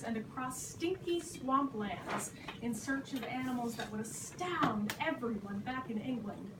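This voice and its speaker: A woman performing a playful, animated children's story on a theater stage. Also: fairly high pitch, noisy background. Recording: echoey hall from far off.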